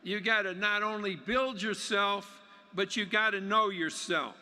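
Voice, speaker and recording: An older man giving a folksy, plainspoken commencement speech in a large arena, with halting restarts. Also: high voice, pushed and bright. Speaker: commencement speaker. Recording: long arena reverb.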